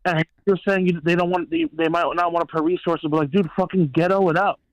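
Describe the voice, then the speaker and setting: A man's voice: on the high side, little pitch movement, quick pace, no echo, poor audio. Blunt, profane man on the line. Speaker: caller and regular. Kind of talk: casual chat.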